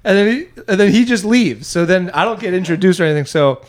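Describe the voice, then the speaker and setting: A young man, a stand-up comedian, telling a story in casual chat, rambling with restarts and bursting into loud voices for other people. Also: sits high, lively intonation, fast. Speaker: stand-up comedian, podcast co-host.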